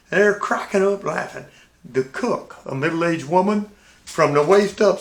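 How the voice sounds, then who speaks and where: An older man and navy veteran telling a sea story in a folksy, animated way. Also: sits high, echoey room. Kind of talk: casual spoken anecdote.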